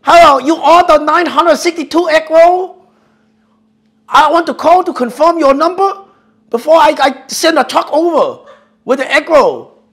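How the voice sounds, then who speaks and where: A man voicing a frantic prank caller posing as a restaurant worker, shouting in broken English. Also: very high-pitched, drawn-out words, voice pushed up, heavily acted. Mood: pushy.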